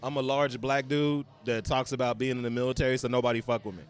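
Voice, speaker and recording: His mid-range voice is smooth and quick, with fairly even intonation. He's an American comedian guest swapping profane, brash road stories in a blunt, chatty style.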